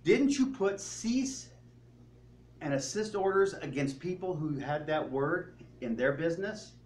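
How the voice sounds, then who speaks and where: A man's voice: fairly high pitch, animated, a little slow, darkish tone, a little hiss or hum. A man voicing a blunt, no-nonsense male chef who presses someone with pointed questions. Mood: stern. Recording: roomy, distant church sound.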